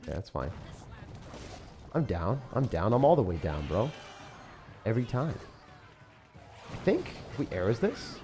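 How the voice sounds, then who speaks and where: A man chatting excitedly while live-streaming a mobile game, often laughing and talking to his viewers. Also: fairly low pitch. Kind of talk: live-stream gameplay chat.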